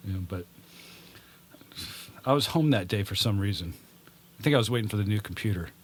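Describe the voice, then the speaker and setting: A man with a Californian accent co-hosting a podcast, chatting in a relaxed, offhand way. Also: on the low side, a little fast. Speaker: podcast co-host. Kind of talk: casual garage chat.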